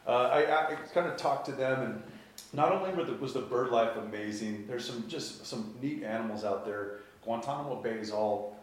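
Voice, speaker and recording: A man's voice: on the low side, slight background noise. Man telling a story in a roomy space. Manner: animated, laughing at his own story. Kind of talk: personal storytelling. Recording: echoey room from far off.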